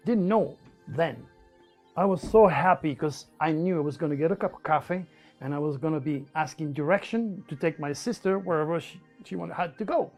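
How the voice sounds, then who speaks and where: An older man with a French accent tells a personal story in a high, lively voice. He talks in an emphatic, animated way and leans on repeated words. Soft music plays faintly underneath. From France. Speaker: interviewee. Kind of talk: storytelling anecdote.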